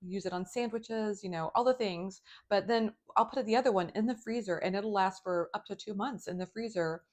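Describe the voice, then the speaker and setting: A woman's voice: mid-range voice, fairly quick, few pauses, darkish tone. A woman hosting a live cooking demonstration from her home kitchen, chatty and enthusiastic as she talks straight to her viewers. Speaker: cooking show host.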